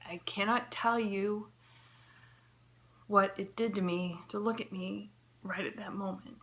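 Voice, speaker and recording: A woman's voice: mid-range voice, fairly even intonation, measured pace, fairly bright tone. A woman in her fifties telling a personal story to camera in an earnest, heartfelt way, sometimes dropping to a near whisper. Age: 50s. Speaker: vlogger.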